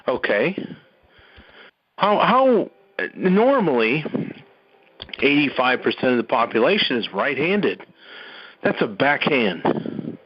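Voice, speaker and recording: A man's voice: mid-range voice, big pitch swings, slow pace, long pauses, slight background noise. A man giving a folksy, emphatic talk on a conference call, with "y'all" and frequent restarts. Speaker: caller speaking on a conference call. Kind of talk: impassioned speech on a call. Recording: dull, muffled phone-call audio.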